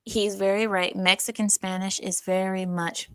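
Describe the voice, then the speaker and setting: A woman's voice: medium pitch, level tone, normal speed, a bit bright, smooth, no room sound. A woman doing casual reaction commentary on clips, blunt and sassy, scolding the speaker she reacts to.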